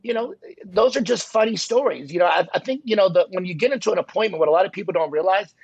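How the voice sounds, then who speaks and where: A man's voice: high-pitched, fast talker, gravelly, darkish tone, husky, no echo. A man who is a real estate sales guest, telling stories in a loose conversational way and often saying "you know". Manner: peppers speech with "you know". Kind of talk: conversational storytelling. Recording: dull lo-fi podcast audio.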